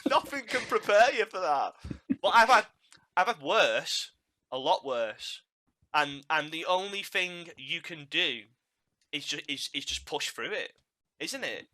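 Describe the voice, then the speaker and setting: A man's voice: fairly high pitch, expressive, slow, sharp tone. A man hosting a podcast, chatting casually and animatedly, laughing at his own mishaps and repeating words as he goes. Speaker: podcast host.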